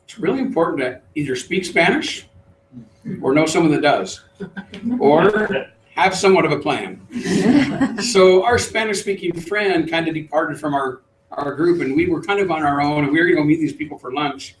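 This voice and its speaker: Animated man telling a story in a roomy hall. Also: a little high, normal speed, slight background noise. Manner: animated storyteller, acts out voices. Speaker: trainer. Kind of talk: storytelling talk to a live group. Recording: roomy, distant mic.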